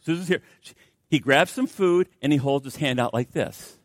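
An older man, a pastor, preaching a sermon with lively storytelling and jokey asides to the congregation. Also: a little high, normal speed, dry recording, studio quality.

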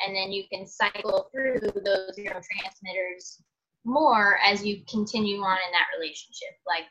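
A woman's voice: mid-range voice, steady tone, moderate pace, a bit bright, low-quality recording. A woman co-hosting a podcast, chatting casually and laughing often, with lots of fillers. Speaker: podcast co-host.

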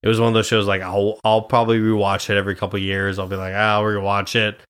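Low-voiced swearing guy telling stories. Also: level tone, very fast, clear, resonant tone. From Nebraska. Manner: swears freely, storytelling with quoted voices. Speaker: podcast host as guest. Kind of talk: casual chat.

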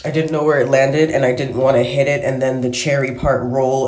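A man talks through a loose, casual podcast monologue, swearing freely and losing his thread before picking it up again. His voice is mellow and warm. The room around him is echoey. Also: mid-range voice, fairly even intonation, a little fast, few pauses. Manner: rambling, swears freely, trails off and restarts. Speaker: podcast host. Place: at home, smoking while recording. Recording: roomy echo.

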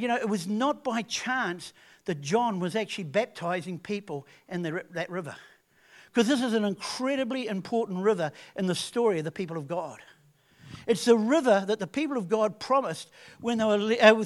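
A man preaches a sermon with a notably high voice. He tells his story in a lively, animated way, often stopping to restart a phrase.

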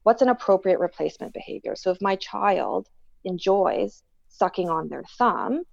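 A woman's voice: on the low side, expressive, moderate pace, creaky, darkish tone, no room sound. A woman working as a behavior analyst, explaining patiently with everyday examples in a casual podcast chat. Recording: dull, slightly lo-fi dry recording.

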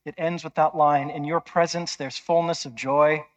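A man's voice: fairly high pitch, steady tone, moderate pace. A man preaching a sermon in an emphatic, conversational way, often checking with listeners.

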